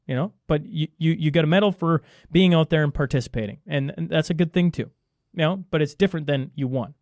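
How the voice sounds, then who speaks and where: A man's voice: on the high side, fast, a little mellow, no echo. A middle-aged man, talking emphatically as a podcast guest and answering his own rhetorical questions. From Canada. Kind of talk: casual conversational interview.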